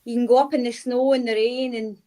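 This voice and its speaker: A young woman with a Glaswegian Scottish accent, a guest in a casual chat who talks quickly and fills her speech with "like.". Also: a little high, fairly even intonation, dark tone. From Scotland. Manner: chatty, with frequent "like" fillers and quick asides. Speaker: guest, urban explorer.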